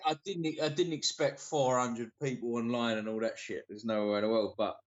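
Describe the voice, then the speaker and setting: A man from tells a pub-style fight story on a live stream, cursing freely and acting out each quoted line. His pitch sits at an ordinary middle level. The audio is dull and lo-fi. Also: fairly even intonation, moderate pace. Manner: swears freely, acts out quoted lines. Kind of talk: casual storytelling chat.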